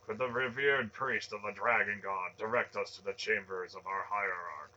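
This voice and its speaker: A man doing a calm old sorcerer. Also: lowish voice, normal speed, muffled recording, slight background noise. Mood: courteous. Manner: smooth, deferential pilgrim act. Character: stern old male sorcerer, calm and cunning.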